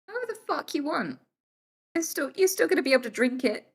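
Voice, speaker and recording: A woman's voice: high-pitched, sing-song, quick pace. A British woman streaming live, answering her chat casually and bluntly, swearing freely and moving between jokes and serious points.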